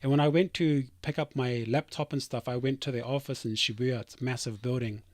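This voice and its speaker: A man on a livestream, talking through companies and reading his chat aloud, rambling and brushing comments off. His voice is mid-pitched and sits dry and close on a desk mic. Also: fairly even intonation, a little fast, no echo. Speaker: streamer and software developer.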